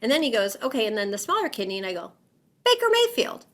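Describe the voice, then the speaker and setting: A woman's voice: medium pitch, very fast. A woman, a guest in an interview, telling a personal story with lots of fillers and acting out what others said. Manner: animated, lots of fillers, acts out quoted voices.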